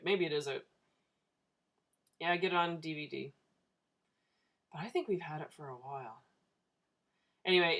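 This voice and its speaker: A woman's voice: fairly low pitch, fairly bright tone. A chatty woman in her thirties talking to her camera in an easygoing, meandering way. She drifts from one thought to the next, with filler words and frequent little laughs. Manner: chatty, rambling, laughs often. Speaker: vlogger. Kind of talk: casual chat.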